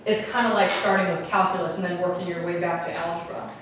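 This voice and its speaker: An energetic woman teaching a high school class, upbeat as she calls on her students one by one. Her voice carries through a very echoey classroom, picked up from a mic across the room with a clear hiss of background noise. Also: quick pace, recorded from a distance.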